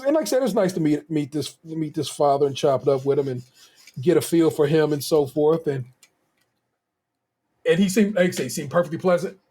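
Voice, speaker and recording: A man's voice: a little high, darkish tone. A middle-aged man co-hosting a podcast, telling stories about his family in a loose, rambling way with frequent restarts and casual swearing. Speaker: podcast co-host.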